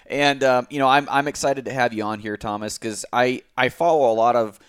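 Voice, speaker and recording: A man's voice: mid-range voice, brisk, smooth. A man hosting a casual podcast chat, laid-back and joking, rambling with restarts. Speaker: podcast host.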